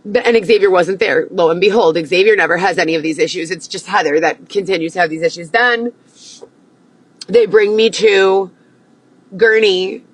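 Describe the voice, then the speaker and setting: A woman's voice: lowish voice, steady tone, moderate pace, breathy edge, rough recording. A young woman ranting to camera, agitated and heavy with profanity, repeating herself as she vents. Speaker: vlogger.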